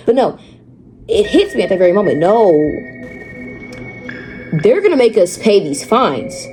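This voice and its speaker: A teenage girl telling a story on her vlog, dramatic and animated, repeating words for effect. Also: medium pitch, brisk. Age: teens. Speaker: vlogger. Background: background music.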